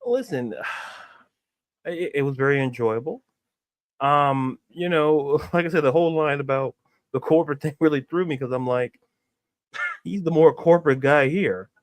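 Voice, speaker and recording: A man co-hosts a casual chat in a fairly high voice. He jokes and laughs as he talks, and sounds relaxed. The recording is dry and close. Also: normal speed, no room sound. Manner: relaxed, joking, laughs while talking. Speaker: podcast co-host.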